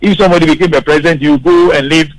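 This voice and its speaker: A man's voice: fairly high pitch, fairly even intonation, racing, poor audio. A man, speaking as a political commentator on a radio panel and stressing his points emphatically. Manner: emphatic, repeats words for stress. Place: radio studio.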